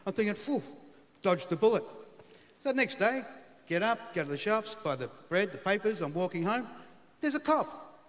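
A man's voice: high voice, very animated, moderate pace, pauses often. A middle-aged Australian man telling a comic story on stage in a laconic, punchline-driven way, heard in a large live studio. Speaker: comedian. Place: large live television stage before an audience. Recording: long hall reverb, faint crowd noise.

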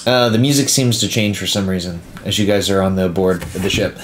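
A man narrating as game master of a tabletop game, relaxed and dotted with "uh" pauses. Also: sits low, noisy background.

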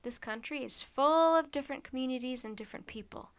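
A woman reads as a wise elderly statesman from a storybook, speaking in an earnest, formal way. The voice sits fairly high for the part and carries a gentle, measured tone. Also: clean tone.

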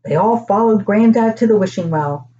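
An older woman reading a children's storybook aloud, animated as she voices the grandchildren and grandparents. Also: moderate pace, highs cut off. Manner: animated, pitching up for children's lines.

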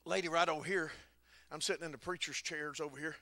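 A man, preaching a sermon as a folksy story with dry humor, rising at times to shouting. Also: fairly high pitch, steady tone, quick pace.

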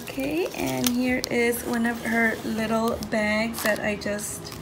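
A woman hosting a casual craft unboxing vlog, gushing with excitement over each item she opens. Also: on the high side, slow, creaky, music in the background, low-quality recording. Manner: gushing, excited, says "so cute" often. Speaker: craft channel host.

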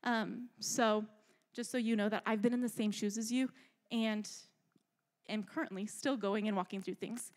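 A young adult woman giving a youth sermon in an animated, chatty way, often checking in with "right?". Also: medium pitch, normal speed. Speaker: youth speaker.

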